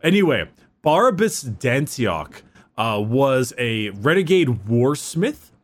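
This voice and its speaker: A man talking through lore on a casual podcast, swearing freely and circling back to restart his sentences. His pitch swings widely as he goes. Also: sing-song, slow pace. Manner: profane, rambling, lots of restarts. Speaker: podcast host explaining lore.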